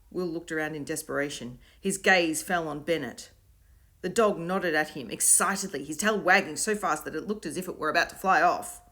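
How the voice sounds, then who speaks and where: A woman narrating a children's storybook in an expressive, varied way. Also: deep voice, moderate pace. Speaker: audiobook reader.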